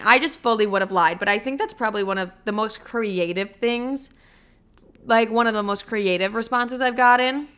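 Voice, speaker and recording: A young woman hosts a podcast, telling stories in a casual, blunt, profane monologue and saying "like" constantly. Her voice is a little high, pushed and bright, with a clear, resonant tone, and she speaks at a moderate pace.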